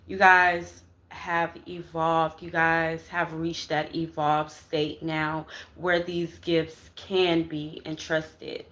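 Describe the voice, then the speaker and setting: A woman's voice: on the low side, a bit bright. A woman giving a casual spiritual tarot reading to her viewers, calling them "y'all" and checking in with "okay?" after nearly every phrase. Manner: casual, repetitive, addresses viewers as "y'all" and "baby"; emphatic, punctuates with "okay?" and "Ashe". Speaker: tarot reader.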